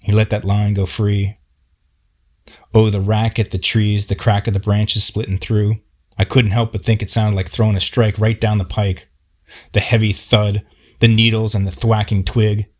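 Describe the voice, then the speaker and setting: Man, folksy storyteller, lowish voice, plainspoken. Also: flat delivery, moderate pace, darkish tone. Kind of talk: personal storytelling.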